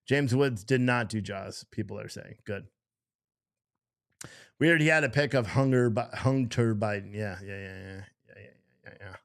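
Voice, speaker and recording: A man's voice: lowish voice, normal speed. Profane, mocking male live streamer. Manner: profane, mocking, reacts loudly to what he reads; chats with viewers in the chat. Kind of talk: casual live stream commentary reading posts aloud.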